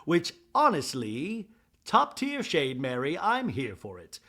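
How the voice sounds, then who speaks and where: A man's voice: on the high side, huge pitch swings, takes it slowly, sharp tone. A man hosting a podcast, telling a comedic reality-TV recap in a gossipy, playful way. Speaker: podcast host.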